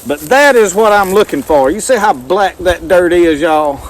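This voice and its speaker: Talking to the camera in the woods, this outdoor vlogger rambles in a folksy manner during a casual demo, using a handheld camera mic. His voice is high-pitched and expressive at a normal speed, with a bit of background noise.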